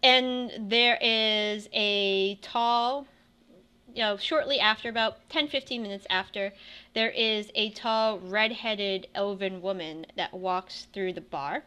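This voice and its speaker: A woman's voice: mid-range voice, slow, sharp tone, clean tone. A young woman narrating a tabletop game as game master, chatty and laughing, with many restarts.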